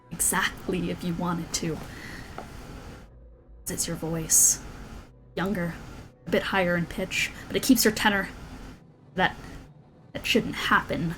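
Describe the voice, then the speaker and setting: A woman running a tabletop game as dungeon master, narrating scenes slowly and intensely. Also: lowish voice, fairly even intonation, rough recording. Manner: slow, intense descriptive narration. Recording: faint background music.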